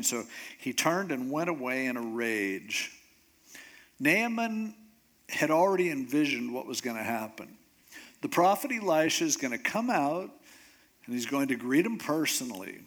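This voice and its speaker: A man's voice: medium pitch, very animated, moderate pace, a bit bright. A man preaching a sermon, retelling a scripture story in a casual, conversational way and acting out the characters' voices. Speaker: pastor.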